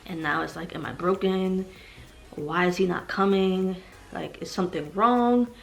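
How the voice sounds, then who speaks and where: With soft music playing behind her, a young woman who is heavily pregnant opens up in a confessional vlog. Her fairly low voice carries vocal fry at a moderate pace, and she rambles emotionally, tearing up at times.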